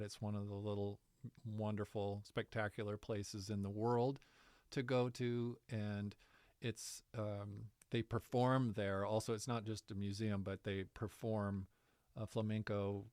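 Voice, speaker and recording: A man telling a travel story in a casual interview, animated and laughing often. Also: lowish voice, dry recording, studio quality. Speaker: guest, distance education coordinator.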